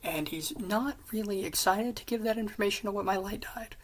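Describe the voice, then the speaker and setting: A woman casually retelling an episode pitch, rambling with quick asides and swearing, in a whispery, gravelly voice. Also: a little hiss or hum, rough recording. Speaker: fan pitch presenter.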